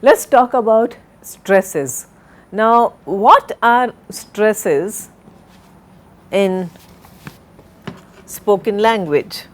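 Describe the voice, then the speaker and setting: Slow, deliberate woman lecturer. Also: mid-range voice, lively intonation. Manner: slow, deliberate, spells out and repeats words. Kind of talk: recorded university lecture.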